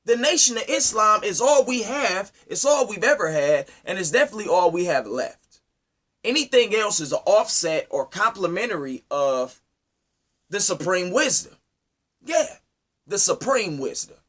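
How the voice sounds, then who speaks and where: Lively, confrontational man preaching. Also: moderate pace. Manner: preachy, confrontational, asks rhetorical questions; wide swings from loud to low. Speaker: speaker addressing his community. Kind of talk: impassioned monologue.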